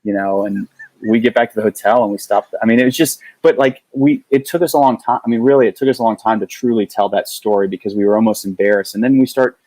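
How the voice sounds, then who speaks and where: A man's voice: lowish voice, fairly even intonation, quick pace, mellow, no room sound, poor audio. A man in his thirties, a podcast guest, telling a story in a casual way with many restarts and fillers.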